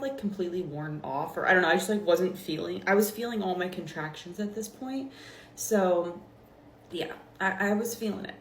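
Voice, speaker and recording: A young woman vlogger telling a casual storytime while doing her makeup, chatty and full of fillers. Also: on the low side. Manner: chatty, filler-heavy, animated retelling. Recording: roomy with faint background noise.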